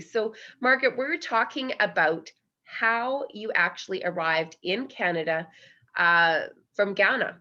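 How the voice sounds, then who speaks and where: Podcast host: woman, bright forceful voice, enthusiastic, slightly dull lo-fi recording. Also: medium pitch, measured pace. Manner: upbeat and enthusiastic. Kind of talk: podcast interview.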